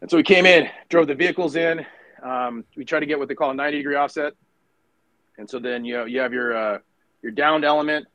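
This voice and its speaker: A man's voice: on the high side, fast, a bit bright, no echo, poor audio. Middle-aged man telling a war story. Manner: conversational, many fillers and restarts. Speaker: guest, retired Marine officer. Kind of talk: casual war story told in conversation.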